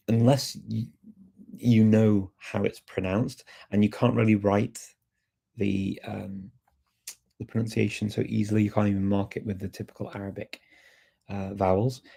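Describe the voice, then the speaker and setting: Gravelly-voiced man answering viewer questions. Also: fairly low pitch. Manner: relaxed and chatty, with frequent ums and restarts. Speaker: language learning host answering viewer questions. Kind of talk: casual live Q&A.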